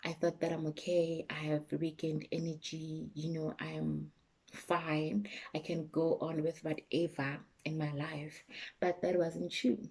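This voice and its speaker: Husky low-voiced South African woman. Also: level tone, a little slow. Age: young adult. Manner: candid and emotional, soft and low at times. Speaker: YouTuber. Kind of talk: personal vlog chat.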